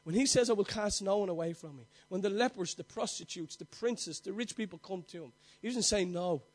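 A male preacher with a very high-pitched voice delivers a sermon. He speaks earnestly, building momentum through repeated phrases. He turns to his congregation with direct questions. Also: fairly quick.

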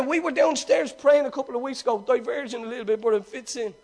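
High-voiced man preaching a lively sermon. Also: quick pace. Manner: animated, repeats and restarts, swells to shouts. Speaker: pastor.

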